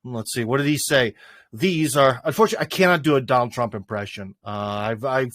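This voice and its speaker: A man's voice: medium pitch, brisk, fairly bright tone, dry recording. A man hosting a casual livestream, talking off the cuff in a rambling way with plenty of "uh" and "anyways". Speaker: livestream host.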